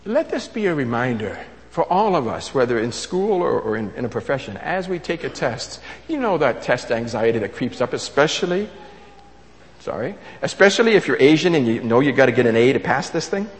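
A man's voice: mid-range voice, sing-song, brisk. Emphatic man preaching in a reverberant hall. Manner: emphatic, repeats key phrases, shifts between loud and soft. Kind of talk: sermon. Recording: long reverb of a large hall.

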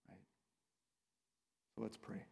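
Slow and darkish in tone, a man preaches as a pastor, earnest and conversational, often turning to the congregation with tag questions. His sermon echoes with the long reverb of a big hall.

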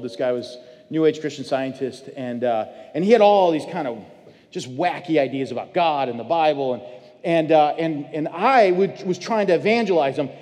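A pastor preaching a sermon, telling personal stories in a conversational way with many fillers and restarts. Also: male voice, on the high side, warm tone. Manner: conversational storytelling with frequent fillers. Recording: long church hall reverb.

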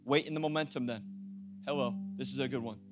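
A young adult pastor delivering an impassioned sermon, often rising to shouting. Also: male voice, medium pitch, quick pace.

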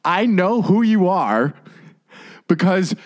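A man's voice: sits high, very animated, slow. A man, co-hosting a podcast and ranting heatedly with lots of swearing. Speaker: podcast co-host.

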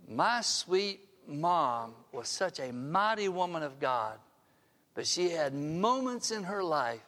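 An older man delivers a sermon at an unhurried, deliberate pace, his voice sitting a bit high for a man. He keeps turning to his listeners with earnest rhetorical questions. The sound carries the long reverb of a large church hall. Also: bright, forceful tone. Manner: earnest, asks the audience direct rhetorical questions. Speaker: pastor.

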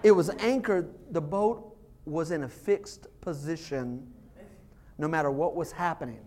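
Animated male pastor preaching a sermon. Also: a little high, unhurried. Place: church service.

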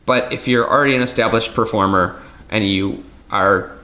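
A man's voice: lowish voice, moderate pace, pushed and bright. A man who works as a magician, telling stories in a casual podcast conversation, candid, laughing often and swearing now and then. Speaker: magician guest.

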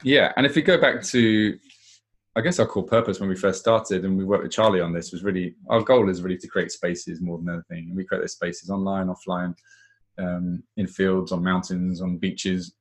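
A man co-hosting a live webinar, talking in a reflective, low-key way in a casual discussion.

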